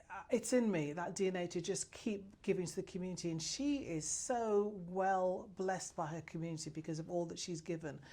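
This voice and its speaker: A woman's voice: on the low side, darkish tone. A woman answering interview questions as a new business chamber president, passionate and effusive, with frequent restarts.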